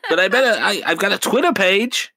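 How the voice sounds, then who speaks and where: A man's voice: high voice, lively intonation, a little fast, sharp tone, pitched above the performer's own voice, exaggerated voice. A man voicing Spider-Man as a naive, eager teenage boy full of gee-whiz chirpiness.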